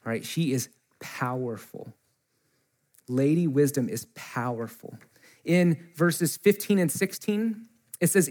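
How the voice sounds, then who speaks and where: A man's voice: on the high side, slow pace. A man preaching a sermon in a church, telling a story in a loose conversational way and quoting the people in it, with a mic close to his face. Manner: conversational, animated storytelling with quoted voices. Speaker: pastor.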